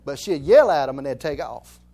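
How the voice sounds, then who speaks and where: A man's voice: mid-range voice, animated, fairly quick, gravelly, dark tone. A man from Alabama with a Southern accent, preaching a conversational sermon in a folksy, joking way and repeating phrases for emphasis. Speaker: pastor.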